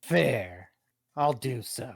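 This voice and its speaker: A man putting on a gravelly Midwestern gnome. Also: medium pitch, expressive, extremely slow, no echo, clean studio sound, heavily acted. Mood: wary. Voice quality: gravelly put-on voice with a Midwestern twang. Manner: hesitant, apologetic, stumbling over words. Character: gnome newcomer from a grim penal world.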